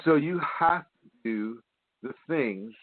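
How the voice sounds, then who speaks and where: A man hosting a spiritual radio talk show, teaching in an animated way, mimicking whiny voices and laughing often. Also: mid-range voice, takes it slowly, slight background noise. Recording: tinny phone line, dry.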